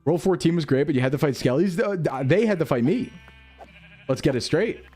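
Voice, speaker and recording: A man's voice: fairly high pitch, animated, normal speed, darkish tone, faint music behind. A young man rambling through casual gameplay commentary, jokey and self-mocking. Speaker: streamer.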